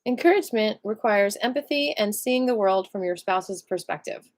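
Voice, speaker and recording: A woman's voice: medium pitch, lively intonation, moderate pace. A tired woman reading a self-help book aloud on a live stream, breaking off now and then for chatty asides. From American.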